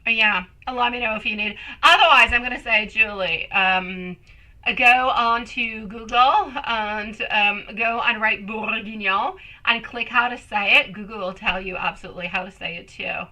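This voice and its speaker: Bright-voiced woman doing live tarot. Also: medium pitch, normal speed, hardly any pauses, low-quality recording. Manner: endearing, calls viewers sweetie and my love; chatty, reads viewer comments aloud and answers. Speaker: tarot reader, live-stream host. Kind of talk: live-stream tarot reading, chatting with viewers.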